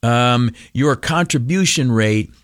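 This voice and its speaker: A man talking on the radio in a loose, folksy monologue, full of ums and uhs. His pitch swings widely as he acts out the people in his stories. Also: animated, slow pace, fairly bright tone. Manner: rambling and folksy, full of fillers, acts out quoted voices. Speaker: radio talk host. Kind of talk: casual talk radio monologue.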